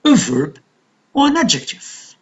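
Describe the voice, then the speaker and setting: Man, English teacher, high voice, slow and deliberate, counts syllables aloud. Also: wildly swooping pitch, muffled recording. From Algeria. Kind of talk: classroom lesson on word stress.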